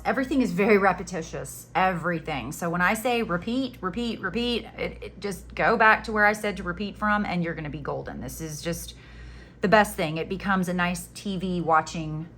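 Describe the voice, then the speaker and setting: A woman's voice: fairly low pitch, fairly bright tone, slight background noise. Chatty woman with a light Southern accent. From Florida Panhandle, US. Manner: chatty, joking asides, guides step by step. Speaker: crochet instructor. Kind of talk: casual crochet tutorial.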